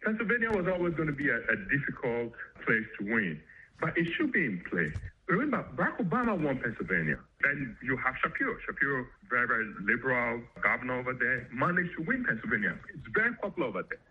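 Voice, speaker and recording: A man who is a professor, giving measured political analysis in an interview. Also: medium pitch, sing-song, slightly rough. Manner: measured, explanatory. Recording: dull lo-fi remote line.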